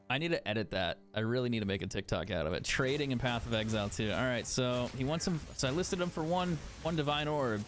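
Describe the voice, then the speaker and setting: A man's voice: mid-range voice, fairly bright tone, a little hiss or hum. A young man chatting casually as a game streamer, swearing freely and laughing often. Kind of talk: casual gaming stream commentary.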